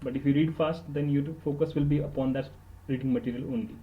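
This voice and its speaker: Over narrow, tinny audio, a man with an Indian accent talks fast in a steady, mid-range voice. It's an instructional podcast of study tips, delivered earnestly and emphatically, with repeated words for stress and slips into Hindi.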